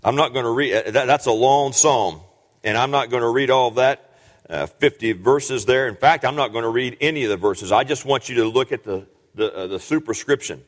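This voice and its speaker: A man's voice: medium pitch, moderate pace. A man preaching a sermon and reading scripture, earnest, with frequent fillers and restarts, rising to emphatic peaks. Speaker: pastor. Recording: long hall reverb.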